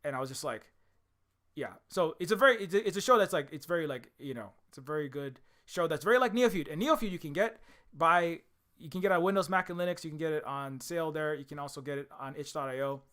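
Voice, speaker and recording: A young man and indie game developer talks fast in rambling commentary, full of restarts and fillers. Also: on the high side, animated, a bit bright.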